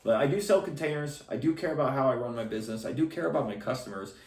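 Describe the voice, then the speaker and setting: A middle-aged man talks bluntly to camera, with frequent restarts and fillers, in a mid-pitched everyday voice. His voice sits a little back from the microphone. The room around him gives it a roomy echo. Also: quick pace, darkish tone. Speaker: container salesman and channel host. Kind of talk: casual talk to camera. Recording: echoey room, voice a bit far from mic.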